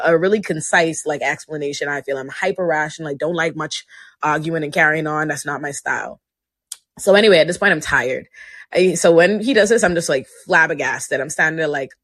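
A woman's voice: low voice, no echo, studio quality. A woman in her thirties hosting a podcast, telling a painful personal story in a candid, profane way and acting out what people said. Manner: candid, animated, profane, acts out quoted speech. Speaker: podcast host.

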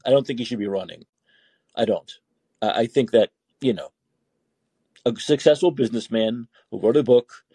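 Male commentary host, blunt and swearing, lively pitch, dry close sound. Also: husky, dry recording. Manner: blunt, profane, ranting with restarts. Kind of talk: opinionated political commentary.

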